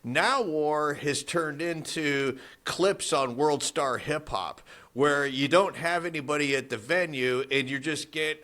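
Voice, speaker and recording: Male podcast co-host, bright and forceful tone, slightly higher voice, animated banter. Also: a little slow, hardly any pauses. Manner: animated, mimics other voices mid-story. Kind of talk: casual chat.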